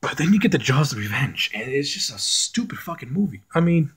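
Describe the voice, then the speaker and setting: A man's voice: on the high side, sing-song, brisk, husky. A man reviewing films in a casual rant, blunt and profane, often restarting his sentences. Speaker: film reviewer.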